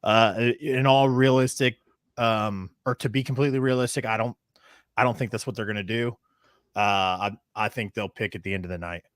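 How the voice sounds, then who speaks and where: A man joining a sports podcast as a guest, talking haltingly with uhs and restarts. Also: lowish voice, fairly even intonation, no echo, clean studio sound. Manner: hesitant, many uhs and restarts. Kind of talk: casual sports chat.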